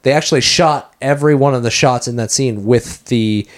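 A man's voice: mid-range voice, normal speed. Rambling man recapping a film. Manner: rambling, acts out quoted lines. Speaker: podcast co-host. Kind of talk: casual movie recap.

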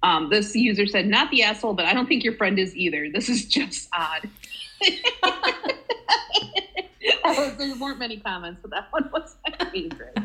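A woman co-hosting a casual podcast chat, talkative and quick to giggle as she reads a story aloud. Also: medium pitch, lively intonation, sharp tone, rough recording. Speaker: podcast co-host.

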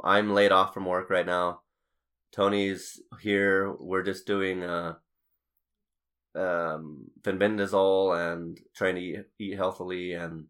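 Deep-voiced young male podcast host; rambling, halting, casual. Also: a bit bright. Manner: rambling, halting with many restarts and fillers.

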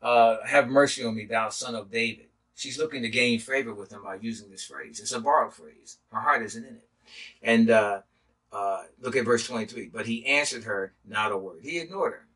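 Man, pastor, sermon teaching, halting with fillers, husky voice, distant mic. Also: medium pitch, bright, forceful tone.

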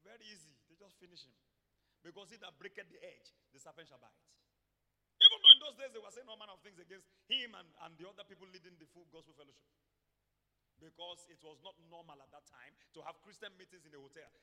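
A man's voice: high-pitched, very animated, brisk, bright, forceful tone, big-room sound. A male pastor preaching a fervent sermon and leading the congregation in call-and-response.

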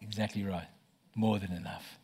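A middle-aged man preaching a sermon as pastor, telling stories with lively stammered restarts. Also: lowish voice, moderate pace, slightly rough. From Australia. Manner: animated storytelling with stammered restarts.

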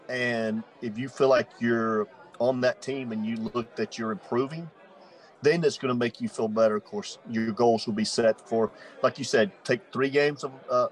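A man's voice: medium pitch, low-quality recording. A man who is a coach, explaining on a casual podcast and often repeating words.

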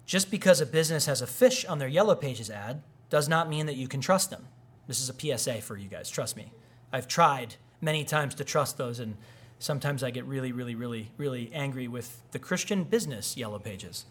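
A man's voice: medium pitch, breathy edge. A male pastor giving a conversational sermon, telling personal stories and acting out quoted people. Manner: conversational, animated, acts out quoted voices.

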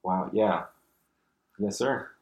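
Deep-voiced male host, echoey room. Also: slow pace, a little mellow. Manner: affirming listener, short agreeing replies. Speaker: podcast host. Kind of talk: podcast conversation. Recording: roomy sound with faint noise.

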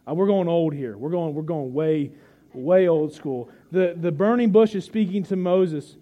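A man's voice: fairly high pitch, muffled recording. A man preaching a sermon to his congregation, talking in a conversational, joking way and retelling scripture with vivid storytelling. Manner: vivid storytelling, dramatic pauses. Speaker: pastor.

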